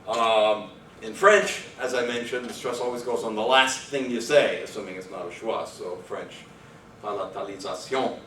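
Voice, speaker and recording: Speaking at normal speed in a medium pitch, a man lectures on language and rhythm, working through his thoughts with fillers and minor self-corrections. The tone is a bit bright, with a little hiss or hum. The distant mic picks him up in an echoey lecture room.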